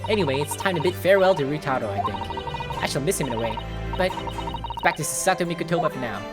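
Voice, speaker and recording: A man's voice: fairly high pitch, animated, fast. Joking man commenting on a game. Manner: joking, laughing asides. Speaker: let's play host. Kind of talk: casual gameplay commentary. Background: game music.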